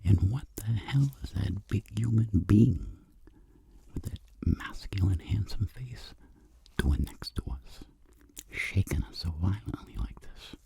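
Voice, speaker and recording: Give me a man putting on a confused chatty bird in whispered role-play, whispered and very gravelly. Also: on the low side, animated, slow, mellow, pitched above the performer's own voice, full character voice. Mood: baffled. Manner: whispered, incredulous questions. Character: puzzled chatty male bird, nosy and excitable.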